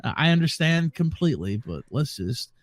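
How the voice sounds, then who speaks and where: A man moderating an online debate, trying to calm both sides down. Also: fairly high pitch, normal speed, no room sound.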